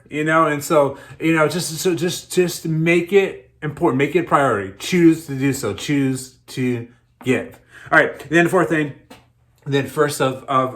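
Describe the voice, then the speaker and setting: A man's voice: mid-range voice, fairly bright tone. A man in his thirties preaching a sermon in a conversational way, often repeating words as he starts his sentences. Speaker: pastor.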